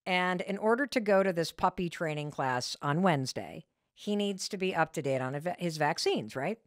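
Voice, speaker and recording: Lively, animated woman podcast host. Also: lowish voice, moderate pace, dry recording, studio quality. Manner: animated storytelling with frank candor. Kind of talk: motivational podcast talk.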